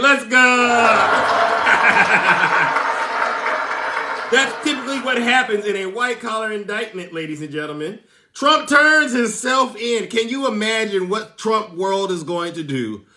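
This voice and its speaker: A man with a high, bright voice hosts a live stream and reads the news with showy, teasing flair. He laughs often and calls out to his viewers by name. His voice rings in an echoey room. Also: lively intonation, unhurried. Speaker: livestream host. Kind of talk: live commentary reading news.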